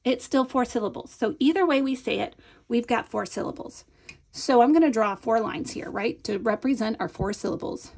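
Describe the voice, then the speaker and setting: A middle-aged woman teaching a lesson, patient and explanatory, slowing down to model each sound and often checking in with "right?". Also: on the high side, creaky, a little mellow. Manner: slows and stretches words when modeling sounds. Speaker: teacher trainer. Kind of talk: instructional video lesson.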